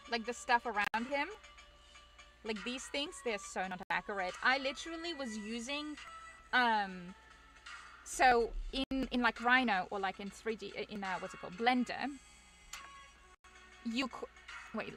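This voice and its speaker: A woman's voice: fairly high pitch, animated, unhurried, long pauses, over music. A young woman streamer chatting casually with her viewers, rambling, self-deprecating and laughing often.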